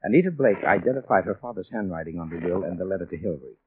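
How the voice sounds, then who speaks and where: An actor playing a calm, probing police investigator in a vintage radio drama, pressing with measured questions. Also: male voice, sits low. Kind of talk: 1940s radio acting. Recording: tinny old radio broadcast with faint hiss.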